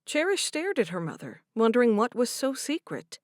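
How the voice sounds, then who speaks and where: Woman reading an audiobook, very animated voice, dry studio sound. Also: fairly high pitch, moderate pace, dry recording. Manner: expressive, voices each character. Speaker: audiobook narrator. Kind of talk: scripted audiobook narration.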